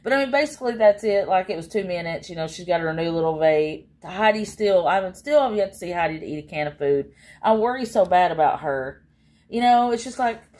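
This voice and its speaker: A woman talking casually to her livestream audience in a mid-pitched voice. She rambles and sounds exasperated, and her speech is full of fillers and restarts. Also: lively intonation, normal speed, darkish tone.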